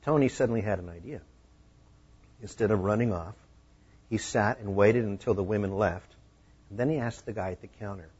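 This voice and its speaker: Preacher telling a sermon story, husky, muffled lo-fi recording. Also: male voice, fairly low pitch, brisk, long pauses. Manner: animated, acting out the scenes. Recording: dull lo-fi recording.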